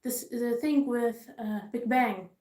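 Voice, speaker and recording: Brief: woman vlogger with a somewhat high voice, venting with frustrated emphasis; roomy, echoey recording. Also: measured pace, mellow. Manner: frustrated, emphatic, repetitive ranting. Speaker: K-pop vlogger. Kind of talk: casual ranting commentary. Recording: roomy echo.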